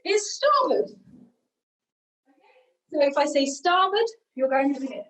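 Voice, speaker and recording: A woman with a British accent and a high voice leads an energetic warm-up game, walking around the room as she calls out moves. She sounds slightly out of breath, and her voice is picked up from a distance from the mic. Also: fairly quick. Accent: British English. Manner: energetic, moving around while instructing. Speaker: singing workshop leader. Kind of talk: leading a warm-up game over video.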